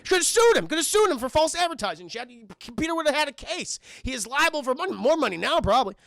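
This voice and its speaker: High, gravelly, profane streamer. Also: male voice, fast talker, dry recording. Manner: profane, excitable, keeps addressing the chat. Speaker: streamer reviewing a film. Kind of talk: casual live-stream commentary.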